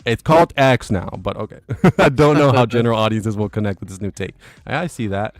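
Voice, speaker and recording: Low-voiced man hosting a livestream. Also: brisk, no room sound, soft background music. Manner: relaxed, chuckles between comments. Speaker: livestream host. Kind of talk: casual livestream chat reading viewer comments.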